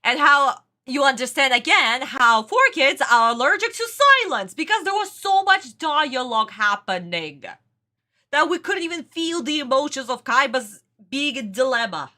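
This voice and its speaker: A woman hosting a casual reaction video, excitable and dramatic, with frequent exclamations. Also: sits high, moderate pace.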